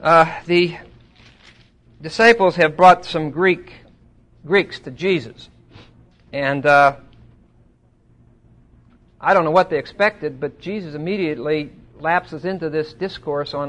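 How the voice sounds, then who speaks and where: A man's voice: a little high, a little slow. Man teaching a Bible study. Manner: conversational, swelling louder on scripture quotes; asks the audience questions.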